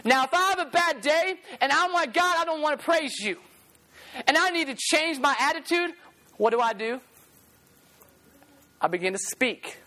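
A young man preaching a sermon, passionate and animated, telling stories and acting out the voices of the people in them. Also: very high voice, moderate pace, long pauses. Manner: passionate, animated storytelling with acted-out quotes.

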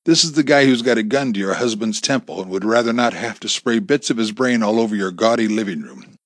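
A man's voice: lowish voice, brisk, no echo, studio quality, natural voice. A man voicing a menacing, sarcastic male kidnapper who taunts his victim over the phone, in a storybook reading. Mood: taunting. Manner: taunting, mocking, cruel.

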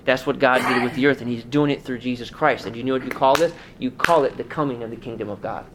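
A man's voice: mid-range voice, fast, background noise. A male pastor preaching a sermon in a conversational way, asking the congregation rhetorical questions.

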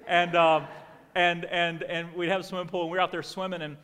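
A middle-aged pastor preaches from the pulpit, telling a personal story with animated energy. His voice sits a little high for a man. The sound carries a long reverb from the church hall. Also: brisk, clear, resonant tone. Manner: animated storytelling, acts out family members in raised voice. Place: church sanctuary.

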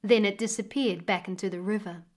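A woman storyteller reading a folk tale aloud in a measured, expressive way. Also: medium pitch. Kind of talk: storytelling narration.

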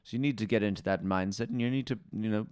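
A man playing a snobbish dialect coach in a deadpan comic interview, pompous and self-satisfied. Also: fairly low pitch, fast talker, clear, resonant tone, no echo, clean studio sound.

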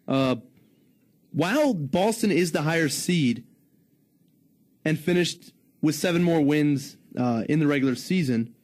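A man co-hosting a casual radio show, relaxed and hesitant, with many fillers. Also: on the high side.

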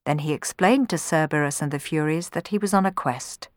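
A woman narrating a myth as a storybook reading, clear and expressive. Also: low-pitched, brisk, dry recording, studio quality.

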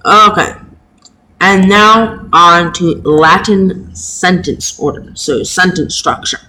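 A man teaching a Latin lesson, speaking haltingly with many pauses and fillers. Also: high-pitched, pushed and bright, a little hiss or hum, rough recording. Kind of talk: slow home-made lesson.

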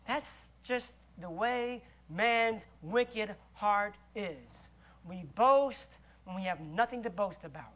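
A man preaching with a very high, bright, forceful voice. He delivers his sermon with emphatic swings from loud exclamations to hushed asides. The recording sounds dull and lo-fi. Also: lively intonation, takes it slowly.

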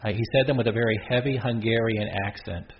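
A middle-aged Catholic priest with a mid-range voice delivers a chatty sermon in church at a fast clip, his intonation fairly even. He keeps interrupting himself with joking asides. The recording is muffled and lo-fi, with a faint hiss.

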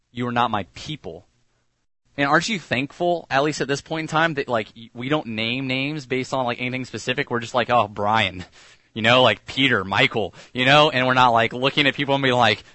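A male pastor preaches in a relaxed, conversational style. His pitch sits mid-range for a man, and he often sinks to a quieter, lower voice on key lines. The sound is dry and close, with no room echo. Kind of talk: sermon.

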